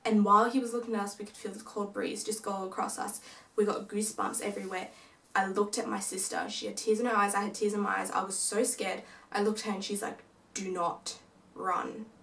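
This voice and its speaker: Her voice is gravelly and mid-range, and she talks fast. She's a young vlogger spinning a casual tale about a paranormal experience, animatedly performing what her family told her, from a distant mic in a room with echo.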